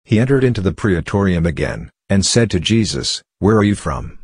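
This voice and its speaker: A man giving a steady, measured scripted Bible reading. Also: low-pitched, slightly rough, no echo. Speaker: scripture reader.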